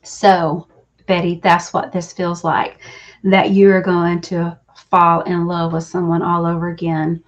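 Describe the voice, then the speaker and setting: A woman's voice: lowish voice, little pitch movement, slow. Emotional woman on a stream. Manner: emotional, confiding, says y'all, breaks into laughs. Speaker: reader on a live show. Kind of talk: live stream talk with viewers. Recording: slightly dull, lo-fi stream audio.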